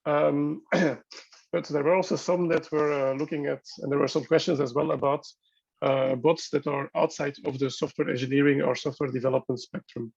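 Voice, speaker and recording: A man moderating an open discussion at an online workshop, talking in a halting way as he thinks aloud over video call audio. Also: fairly high pitch, steady tone, vocal fry, darkish tone, breathy edge, dull audio.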